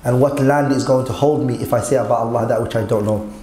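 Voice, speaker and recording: A man's voice: medium pitch, steady tone, fast, warm tone, reverberant, slight background noise, poor audio. A man teaching Arabic grammar in an online lesson, quizzing his students and mixing Arabic quotes with English.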